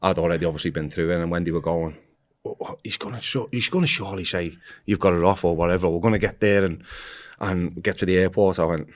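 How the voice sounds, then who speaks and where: This male guest on a football podcast has a low voice and talks quickly with few pauses. Loose and lively, he rambles through a story with false starts, imitating the people he quotes.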